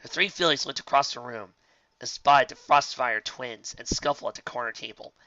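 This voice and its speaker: A reader narrating a fan story aloud, lively storybook delivery. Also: medium pitch, normal speed, no echo, muffled recording.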